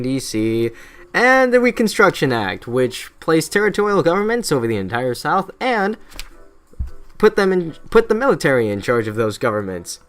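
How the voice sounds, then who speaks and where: A man's voice: medium pitch, fairly bright tone. A young man explaining history in a casual, irreverent way, swearing constantly and slipping into mocking voices for historical figures. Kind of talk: casual profane history narration.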